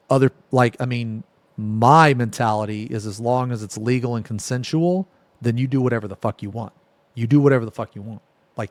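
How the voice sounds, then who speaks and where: A man's voice: mid-range voice, dry recording. A man streaming, giving blunt, profane, heated reaction commentary in casual talk.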